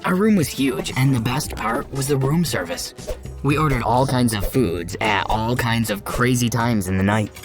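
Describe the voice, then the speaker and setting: A narrator reads a first-person story in a steady, even way, at a middle pitch. Clear music plays underneath throughout. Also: moderate pace. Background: background music.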